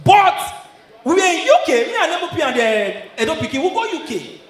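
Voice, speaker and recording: A Nigerian man performing stand-up on a handheld mic, his voice unusually high and swinging widely from low mutters to shouted lines. He laughs through his own jokes. The sound carries the echo of a live venue. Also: sing-song, brisk. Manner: shouting punchlines, often laughing, in Pidgin-mixed English. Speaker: stand-up comedian. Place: comedy show venue. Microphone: handheld stage mic. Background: audience laughter.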